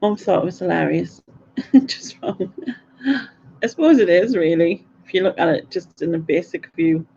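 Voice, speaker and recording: A woman's voice: on the low side, a little fast, vocal fry, few pauses, warm tone, a little hiss or hum. Giggly chatty woman, lo-fi. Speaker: live stream host. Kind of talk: casual live Q&A chat.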